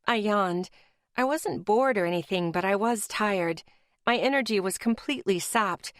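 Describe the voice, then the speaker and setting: Expressive woman narrating a romance audiobook. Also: mid-range voice, normal speed, no echo, clean studio sound.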